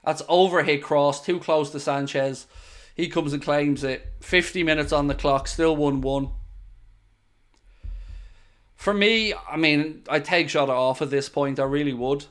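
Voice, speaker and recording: Excitable male football watchalong streamer. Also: fairly high pitch, a little slow. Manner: excitable, bursts into loud groans at near misses, chatty asides to viewers. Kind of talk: live match commentary with chat.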